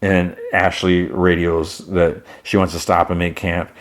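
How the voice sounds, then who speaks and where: A man's voice: sits low, level tone, unhurried. A man hosting a podcast, casually recapping a show in a rambling way. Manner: rambling, with many restarts and "he's like". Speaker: podcast host.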